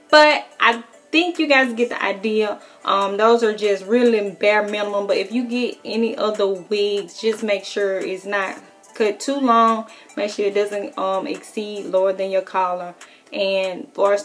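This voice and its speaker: Friendly Southern woman vlogger, mid-pitched, casual and encouraging with lots of ums. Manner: chatty and encouraging, frequent ums, repeats words for emphasis. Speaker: military service member vlogger. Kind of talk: casual how-to vlog chat.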